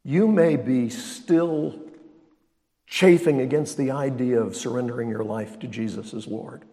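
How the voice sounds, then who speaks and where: A man's voice: mid-range voice, measured pace. Older male pastor preaching in echoey hall. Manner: emphatic preaching, swinging from loud exclamations to quiet asides. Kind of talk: sermon. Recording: long reverb of a large hall.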